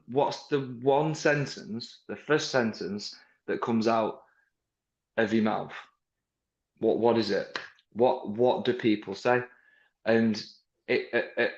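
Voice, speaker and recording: A British car salesman chats in a lively, animated way, stumbling into restarts and slipping into little acted-out exchanges with customers. His middle-pitched voice sits in a roomy space, and the sound is a touch dull and muffled. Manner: animated, acts out sales-floor dialogues, frequent restarts. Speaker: car sales manager, interview guest. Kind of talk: casual interview talk.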